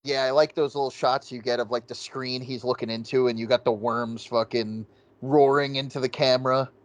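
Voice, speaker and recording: A man co-hosting a casual movie review chat, talking excitedly and swearing often. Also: medium pitch, normal speed. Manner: excited, profane, quotes scenes in goofy voices. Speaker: podcast co-host.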